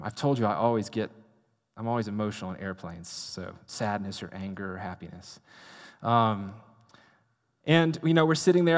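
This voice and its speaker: A man preaches a sermon at a middle pitch, mixing rhetorical questions with self-mocking asides. His voice carries a long reverb, as from a large hall. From United States. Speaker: pastor.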